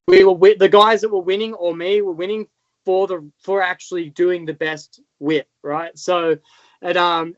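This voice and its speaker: The guest is a motocross rider from Australia, in his thirties, whose high, fairly bright voice carries his rambling, filler-laden story in casual interview talk. There's no echo, though the recording sounds dull and lo-fi.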